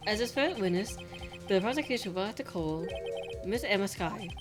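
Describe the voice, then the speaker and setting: A woman voicing a cool, composed young male prosecutor who speaks in a measured, formal way, over game music. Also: medium pitch, lively intonation, natural voice.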